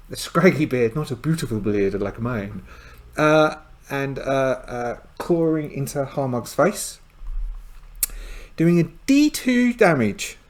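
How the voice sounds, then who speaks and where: A man narrating a solo tabletop game, rambling and hesitant with many fillers and side remarks. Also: on the high side.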